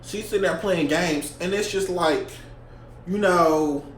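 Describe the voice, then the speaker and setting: A young man telling a story from his school days in a casual storytime vlog, animated and heavy with profanity and slang. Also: high-pitched, unhurried. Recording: echoey room with faint hum.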